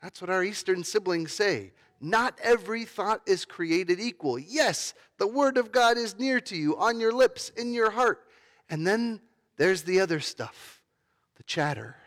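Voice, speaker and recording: A man's voice: high voice, lively intonation, measured pace, a bit bright. A man giving a sermon as pastor, talking in a conversational way with fillers and restarts.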